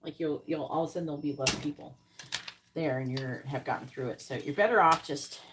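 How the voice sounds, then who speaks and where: A woman's voice: low voice, fairly quick, noisy background. A woman hosting a live tarot stream, chatting casually and bluntly with viewers and swearing freely. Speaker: tarot reader host.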